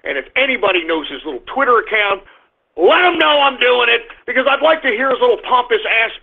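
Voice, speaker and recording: Older male talk radio host, high-pitched, fiery and repetitive, with tinny phone-quality sound. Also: expressive, quick pace, vocal fry. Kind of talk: political talk radio monologue.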